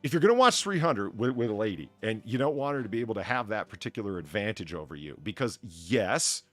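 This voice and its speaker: A man's voice: fairly low pitch, animated, fast, a bit bright, faint music behind. A man hosting a podcast, rambling and cursing through crude comedic banter with lots of stammering restarts. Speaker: podcast host.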